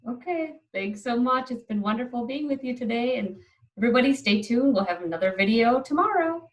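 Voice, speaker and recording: Mujer anfitriona, afirmativa y breve. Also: female voice, fairly high pitch, lively intonation, fairly quick, rough recording. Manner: supportive, brief affirmations. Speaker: summit host. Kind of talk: interview over video call.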